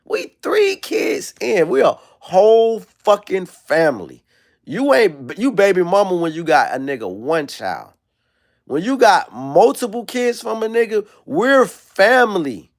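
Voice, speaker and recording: A man doing a shrill, pleading husband. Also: sing-song, measured pace, full character voice. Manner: high-pitched, pleading, shouting. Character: pleading husband, a star athlete, indignant and loud.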